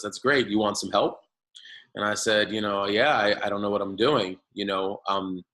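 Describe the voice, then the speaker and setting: A man in his thirties sits as a guest on a podcast and tells his story. He talks in a loose, rambling way, with lots of fillers and restarts. His voice sits a little low but sounds bright and forward. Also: rough recording. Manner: rambling, many fillers and restarts, animated retelling. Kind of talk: casual storytelling interview.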